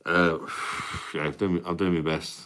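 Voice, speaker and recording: A man's voice: deep voice, fairly even intonation, slow, pushed and bright. A man hosting a live stream, chatting casually with viewers, laughing often and greeting them by name. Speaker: livestream host reading chat.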